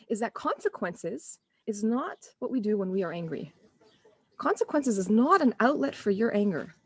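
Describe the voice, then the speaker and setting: An earnest woman coaching parents in a relaxed, conversational way, often breaking off to restart a sentence. Her voice sits at an ordinary middle pitch. The sound is dry and close, with no room around it. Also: dry recording. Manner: earnest, conversational, full of restarts and acted-out inner thoughts. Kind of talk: live online Q&A talk.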